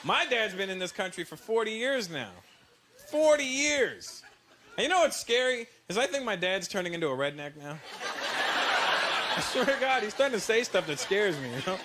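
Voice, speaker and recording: Man from Canada, stand-up comedian, lively storytelling, bouncy pitch, loud audience laughter and noise. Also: moderate pace. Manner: lively, conversational storytelling with frequent asides.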